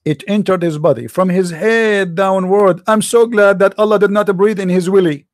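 Sarcastic high-voiced man with an Arabic accent. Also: steady tone, moderate pace, no room sound, studio quality. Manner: sarcastic, incredulous, mimics sneezes. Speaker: online religious commentator. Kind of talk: mocking monologue reading from a screen.

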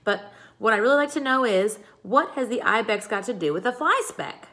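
A bold, cheeky little girl full of tall tales, put on by a woman reading a storybook aloud. She talks loud and high, boasting with gusto. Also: animated, normal speed, low-quality recording. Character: cheeky boastful young girl, wild and fearless.

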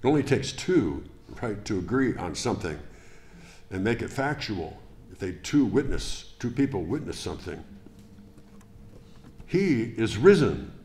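Pastor, male, low voice, emphatic preaching, roomy sanctuary sound. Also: sing-song, a little mellow. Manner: deliberate, emphatic preaching with rhetorical questions. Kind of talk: sermon. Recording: echoey church room.

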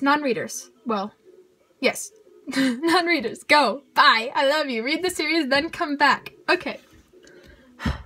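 A young woman reviewing books in a casual vlog, bubbly and gushing, with quick asides and frequent giggles. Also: sits high, fairly bright tone. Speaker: book reviewer.

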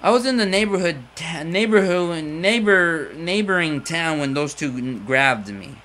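Polite young woman, read by a man barely altering his voice, friendly and lively. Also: a little high, a little slow, pitched above the performer's own voice. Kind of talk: reading game dialogue aloud.

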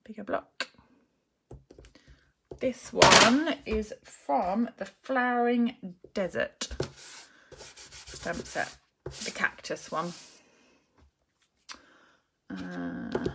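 A woman's voice: medium pitch, sing-song, drawn-out words, vocal fry, pauses often. Woman, live craft tutorial, chatty, frequent ums, audible background noise. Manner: chatty, thinking aloud with many ums, greets viewers. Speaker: papercraft demonstrator.

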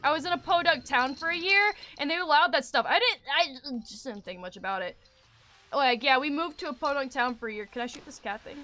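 Excitable high-voiced young woman streamer. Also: brisk. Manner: excitable, profane, rambling. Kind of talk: casual gaming commentary.

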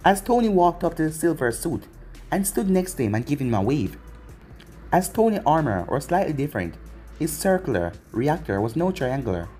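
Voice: mid-range voice, big pitch swings, moderate pace, dark tone, soft background music. A channel host reading fan fiction aloud in long, tumbling run-on sentences. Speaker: YouTube story narrator.

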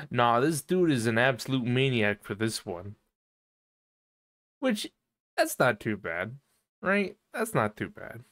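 A young man streaming a game live, rambling and cursing in casual commentary, with sudden shouts. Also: mid-range voice. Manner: rambling, profane, sings and shouts in bursts. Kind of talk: casual let's-play commentary. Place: home streaming setup.

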